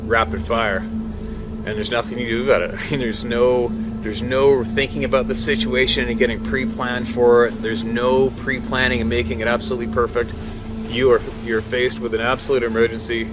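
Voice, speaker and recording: A man, a hunting guide, telling a tale vividly, with quick laughs between phrases and swings from hushed to loud. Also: medium pitch, level tone. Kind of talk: animated storytelling. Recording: noisy background hum.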